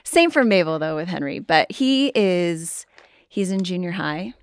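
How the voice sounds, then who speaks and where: A woman's voice: on the low side, a little slow, clean tone, no room sound, clean studio sound. A middle-aged woman, a podcast guest, telling family stories in casual conversation and acting out quoted dialogue. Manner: animated storytelling, acts out quoted dialogue. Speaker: podcast guest, pastor's wife.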